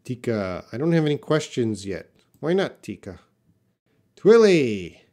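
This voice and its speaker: A man's voice: mid-range voice, sing-song, moderate pace, a little mellow. A man teaching English in a live question-and-answer class, reading out viewer comments and explaining them patiently with short example sentences.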